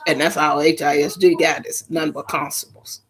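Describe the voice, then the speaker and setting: A woman's voice: sits low, low-quality recording. A middle-aged woman telling a story in casual chat on her live stream, exclaiming as she goes. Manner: animated, exclaiming, drawn-out Southern phrasing.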